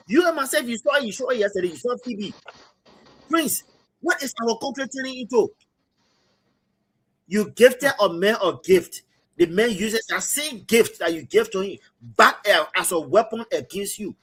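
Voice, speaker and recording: A man's voice: high-pitched, a bit bright, breathy edge. Passionate Liberian man commentating. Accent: Liberian English. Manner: emphatic, repetitive, addresses co-host as brother. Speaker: talk show host. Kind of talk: impassioned political commentary. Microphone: streaming setup.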